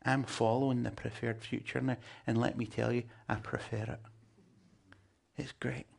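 A man delivers a sermon with a gravelly, creaky texture in his voice. His pitch sits in an ordinary middle register. He leans hard on key words and slips in humorous asides to the congregation. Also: flat delivery, normal speed, a little mellow. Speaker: preacher.

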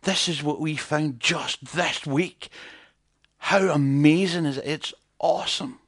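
A man's voice: fairly high pitch, slow pace, a bit bright. A man putting on a gushing American gold miner. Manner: gushing, exaggerated enthusiasm.

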